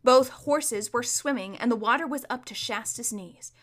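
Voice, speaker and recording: A woman reading a storybook aloud in a steady, measured way, with the odd small slip. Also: fairly high pitch. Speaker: narrator.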